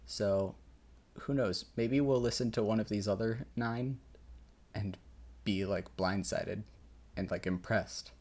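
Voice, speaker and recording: At home in his room, a man with a fairly low voice rambles and reacts in a slow, laid-back way while a game soundtrack plays softly in the background. He swears and chuckles often, with slight background noise.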